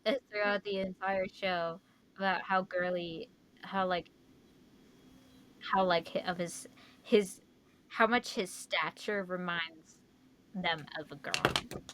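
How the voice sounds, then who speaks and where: A young woman co-hosting a casual podcast, giving quick blunt answers and moving things along. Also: fairly low pitch, fairly even intonation, a bit bright, slight background noise, low-quality recording. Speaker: podcast co-host. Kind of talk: casual chat.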